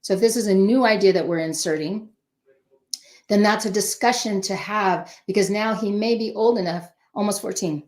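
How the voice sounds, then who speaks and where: Brief: older woman guest, lively storyteller who acts out quotes, mid-pitched, recorded in an echoey room. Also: moderate pace. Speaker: parenting guest. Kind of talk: casual advice chat. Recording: roomy echo.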